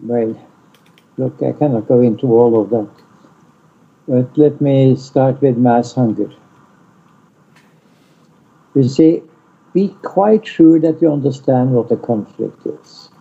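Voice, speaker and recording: A man lecturing in an online seminar, deliberate and blunt, stressing single words, over muffled call audio. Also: mid-range voice, creaky, breathy edge. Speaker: lecturer on peace studies. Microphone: video call.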